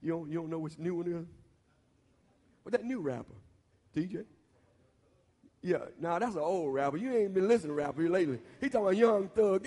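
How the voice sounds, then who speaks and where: A man preaching a sermon in a church, bantering with the congregation and building to loud preaching. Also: sits high, brisk. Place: church sanctuary. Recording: long reverb of a church hall.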